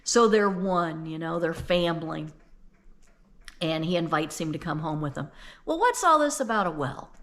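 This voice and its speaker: A woman's voice: sits low, lively intonation, normal speed, fairly bright tone. Folksy older woman telling Bible stories. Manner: folksy, conversational, earnest. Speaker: Bible teacher. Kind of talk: casual Bible storytelling.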